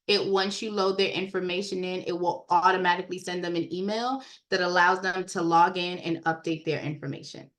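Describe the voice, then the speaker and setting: A woman giving a casual, chatty walkthrough of credit repair software on a screen share, talking straight to her viewers. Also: lowish voice, fairly even intonation, a little fast, hardly any pauses. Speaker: software trainer.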